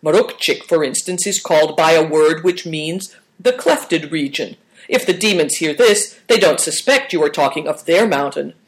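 A woman narrating a children's adventure book aloud, calm and even. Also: sits low, normal speed. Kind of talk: storybook reading aloud.

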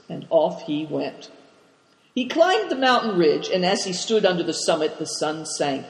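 A man narrating an audiobook in an even, measured way, in a roomy space with long reverb. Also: fairly high pitch, gravelly.

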